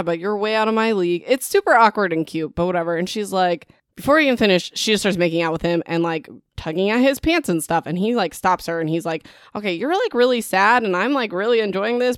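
Woman book reviewer, mid pitch, smooth and crisp, dry close sound; sarcastic, gossipy recap with playful cliffhanger asides. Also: no room sound. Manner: chatty and sarcastic, peppered with "like" and "whatever"; dramatic teasing asides to the audience. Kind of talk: casual chapter-by-chapter book recap.

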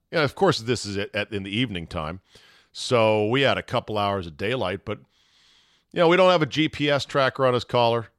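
A middle-aged male podcast host telling a story in a loose, lively monologue. His voice sits at an ordinary pitch and is recorded close and dry, with no room sound. He swears now and then and acts out his own shouting. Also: no room sound.

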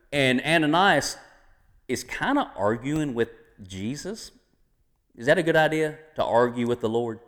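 A man's voice: medium pitch, animated, measured pace, a bit bright, long reverb tail. A man preaching a sermon as pastor, reading scripture with folksy asides and jokes to the congregation.

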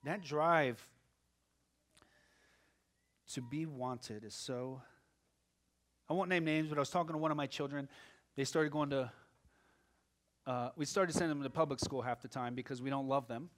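A middle-aged man preaching a sermon, moving from quiet, musing talk to loud, impassioned passages. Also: mid-range voice, normal speed, pauses often. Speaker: pastor.

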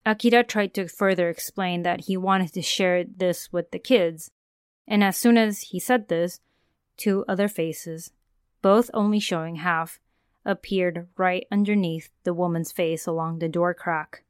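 Calm woman podcast storyteller, smooth voice. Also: fairly low pitch, measured pace, no echo, studio quality. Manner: calm storyteller who asks the listener questions. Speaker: podcast host. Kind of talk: scripted narration of a horror story.

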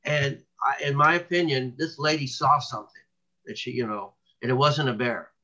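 A man's voice: mid-range voice, normal speed, bright, forceful tone, dull audio. A man being interviewed as a researcher, telling long stories in a rambling way, with many restarts and fillers. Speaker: cryptid researcher guest. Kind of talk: casual interview talk.

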